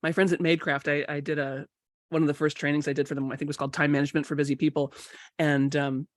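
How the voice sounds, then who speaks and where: Her voice low-pitched, level and a bit rough from a cold, a woman coach leads a live online workshop. She chats casually and slows to guide breathing, recorded at studio quality with no room sound.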